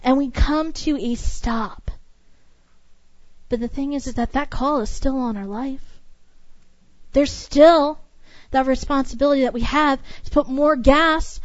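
A woman's voice: high voice, a little slow, long pauses, no room sound, dull audio. A woman preaching a sermon in an emphatic, repetitive cadence.

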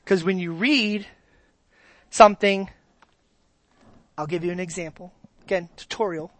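A pastor preaching an animated sermon in a mid-pitched voice, dropping to quiet asides and then rising to loud exclamations. The preacher keeps asking the congregation direct questions. The recording is dry and close, with no room sound. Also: measured pace, no room sound.

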